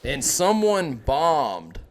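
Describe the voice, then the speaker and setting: A man co-hosting a podcast, chatting casually in an excitable, profane way with lots of fillers. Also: fairly high pitch, drawn-out words. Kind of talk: casual chat.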